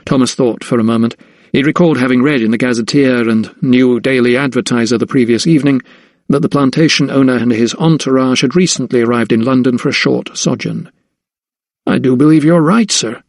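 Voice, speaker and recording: A man narrating an audiobook in a measured storytelling manner. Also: medium pitch, steady tone, no room sound, studio quality. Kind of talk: scripted narration.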